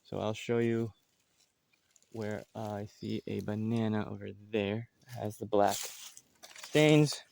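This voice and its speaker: A man's voice: fairly low pitch, steady tone, slow pace, creaky, a little mellow, a little hiss or hum. A man giving a casual outdoor tour of his farm, talking loosely with many fillers and restarts. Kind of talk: casual walking tour narration.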